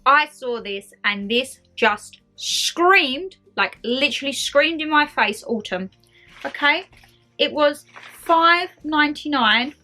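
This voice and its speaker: Upbeat woman vlogger, rambling and gushing; bright, fairly high voice. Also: takes it slowly, soft background music. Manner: bubbly, rambling, gushing with excitement. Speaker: lifestyle vlogger showing a shopping haul. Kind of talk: chatty haul vlog.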